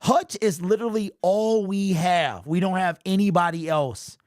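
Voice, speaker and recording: Excitable high-voiced man hosting a livestream. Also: normal speed, no echo, clean studio sound. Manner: excitable, slangy, talks straight to the chat with lots of "bro". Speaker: livestream postgame show host. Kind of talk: casual livestream chat reacting to viewers.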